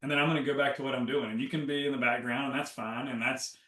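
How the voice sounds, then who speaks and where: A man's voice: mid-range voice, fast talker. A man speaking as a guest on a health interview, telling his story with energy and acting out his own inner voices. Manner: animated storytelling, acts out inner dialogue. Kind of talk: casual interview talk. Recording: roomy, from a distance.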